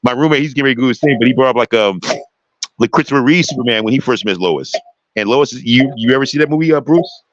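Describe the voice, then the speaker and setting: Man, show host, casual chat, enthusiastic, rambling, mid pitch, dry close sound, slightly dull lo-fi mic. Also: fast, no room sound. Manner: enthusiastic, rambling, many restarts.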